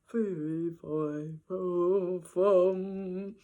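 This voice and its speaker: A woman voicing a huge, angry, hungry male giant in a storybook reading, booming and threatening. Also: fairly even intonation, extremely slow, narrow, tinny audio. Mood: menacing.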